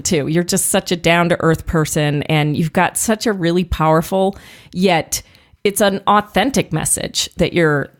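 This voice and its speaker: A woman hosting a podcast interview, praising her guest effusively and asking questions. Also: fairly low pitch. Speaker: podcast host.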